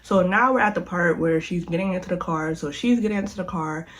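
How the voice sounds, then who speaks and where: Young adult vlogger, casual storytime delivery, animated, slangy, mid-pitched. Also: a little fast. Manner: animated, slangy, with lots of filler sounds.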